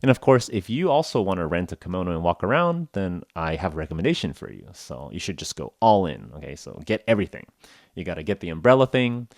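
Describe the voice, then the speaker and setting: Deep guy rambling on his chill english podcast, lots of "like", bouncy delivery, dry sound. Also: big pitch swings, fast, vocal fry, no room sound. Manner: rambling, jokey, heavy with "like" and "uh". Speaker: podcast host. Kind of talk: casual chat for English learners.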